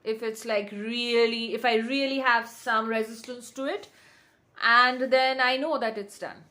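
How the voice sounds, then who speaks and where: A woman's voice: on the high side, fairly even intonation, unhurried, sharp tone. A woman, a manifestation coach answering viewers on a casual livestream, repeating affirmations with insistent emphasis.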